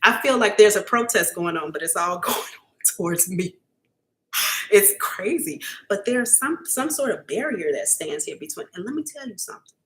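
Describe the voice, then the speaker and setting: A woman's voice: mid-range voice, expressive, normal speed, a bit bright, a little hiss or hum. Earnest woman giving a live psychic reading. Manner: casual and emphatic, keeps checking in with "okay?"; emotional, earnest, at times near tears. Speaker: psychic reader. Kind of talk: live-stream psychic reading, talking to viewers.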